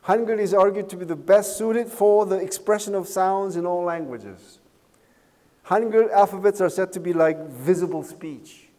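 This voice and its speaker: A man's voice: high voice, normal speed, darkish tone, long reverb tail. A man giving a university lecture in a casual, jokey way, often checking with the class by asking "right?" and "okay?". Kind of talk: recorded online lecture.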